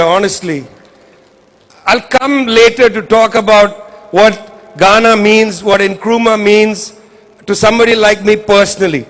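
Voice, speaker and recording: A man's voice: sits high, a bit bright. A man giving an impassioned political speech to an audience at a book launch, emphatic and fond of rhetorical repetition. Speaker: guest speaker at a book launch.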